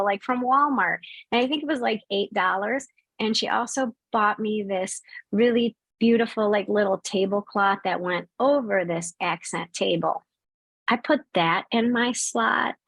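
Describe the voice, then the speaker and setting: A woman's voice: medium pitch, fairly bright tone, no room sound. Woman telling a spiritual story in a dry room. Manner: storytelling with fillers and restarts. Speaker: spiritual channel host. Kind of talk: casual spiritual talk to viewers.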